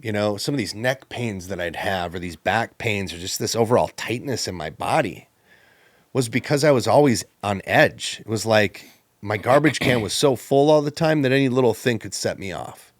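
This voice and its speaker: A man telling a personal story on a podcast, animated and acting out the people he quotes. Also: on the low side, no echo, clean studio sound.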